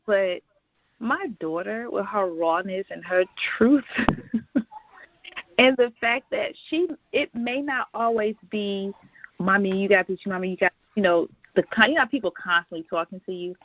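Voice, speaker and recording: A woman talks through her journey as an actor, reflective and warm in her storytelling, and she laughs easily. The recording is dry and somewhat dull, like a home podcast setup. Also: mid-range voice, unhurried, no echo. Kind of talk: casual interview chat.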